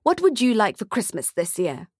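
A woman voicing a tired middle-aged man working as a mall Santa, patient with a dry, gently wry way of talking. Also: mid-range voice, wildly swooping pitch, normal speed, husky, dry recording.

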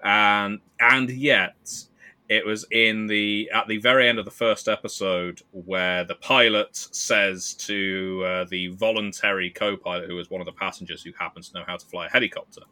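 A man's voice: fairly low pitch, fairly even intonation, moderate pace, sharp tone, dry recording. A man co-hosting a podcast, telling stories in a chatty, wry way and laughing often. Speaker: podcast co-host and game designer. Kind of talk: casual podcast chat.

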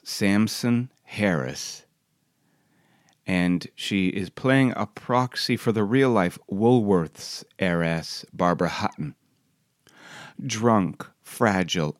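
A man's voice: lowish voice, no room sound, clean studio sound. A man reading his own personal essay aloud in a wry, reflective, conversational way.

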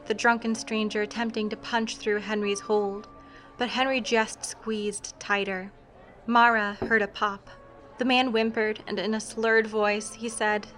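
A woman narrating a scripted story in an even, measured way, with faint instrumental music behind. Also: medium pitch, slight background noise.

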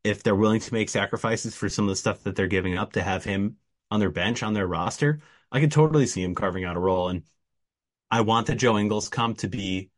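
Low-voiced man, steady chat. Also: a little fast. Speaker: podcast co-host. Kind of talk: casual sports chat.

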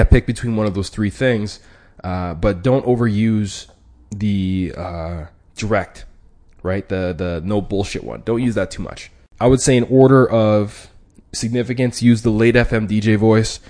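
A man's voice: on the low side, darkish tone. A man hosting a podcast, explaining tactics in a casual, conversational way with frequent restarts and slang. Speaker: podcast host. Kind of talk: casual instructional talk.

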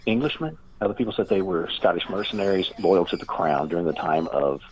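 A man's voice: low voice, animated, fairly quick, slightly rough. A man, a guest author, telling a rambling story in an interview, full of fillers and acted-out quotes. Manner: meandering, many fillers, acts out quoted voices. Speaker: guest author and paranormal researcher. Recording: dull lo-fi remote audio.

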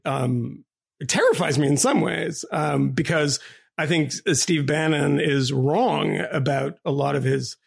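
A man co-hosting a podcast, talking casually in an animated, storytelling way with frequent laughs and restarts. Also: a little high, gravelly, husky. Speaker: podcast co-host.

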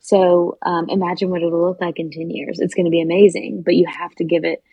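A woman's voice: lowish voice, little pitch movement, fairly quick, gravelly, slightly rough, dry recording, lo-fi sound. A woman who is a guest on a podcast interview and talks in an earnest, encouraging way, giving advice from her own life. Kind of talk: conversational interview.

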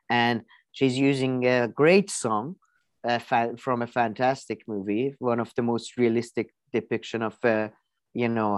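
A woman's voice: very deep voice, no echo. A woman co-hosting a podcast, talking politics in a casual, sardonic way with lots of fillers and restarts. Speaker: podcast co-host.

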